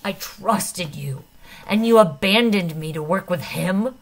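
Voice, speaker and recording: A woman's voice: on the low side, measured pace, slightly rough. A woman reading a proud, bitter young man. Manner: bitter, accusing. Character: proud stubborn young man, hurt and angry.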